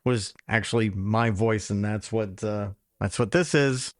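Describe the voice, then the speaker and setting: A man's voice: on the low side, a little slow, dry recording. Male podcast host, wry and joking, dry close sound. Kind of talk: casual chat.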